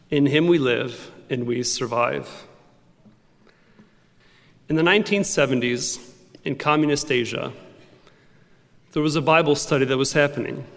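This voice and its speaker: A man's voice: fairly high pitch, vocal fry, a bit bright, in a large hall. A man preaching a sermon in an emphatic, repetitive cadence. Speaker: pastor.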